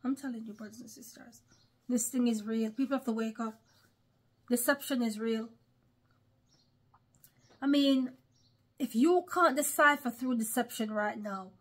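Woman, higher voice, emphatic, repetitive preaching, vlog commentary. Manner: emphatic, repetitive, addresses brothers and sisters. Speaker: online preacher.

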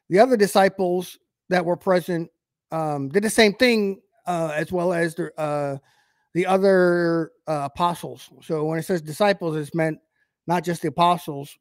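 A man's voice: on the high side, no echo, studio quality. Chatty man preaching on a livestream. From United States. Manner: conversational, many fillers and restarts. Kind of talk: livestreamed Bible teaching.

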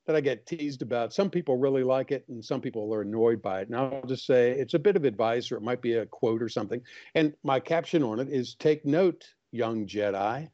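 A man's voice: medium pitch, a little mellow, lo-fi sound. An older man, an author talking earnestly in a casual interview and acting out small anecdotes. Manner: earnest, storytelling, acts out voices in anecdotes. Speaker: author and guest.

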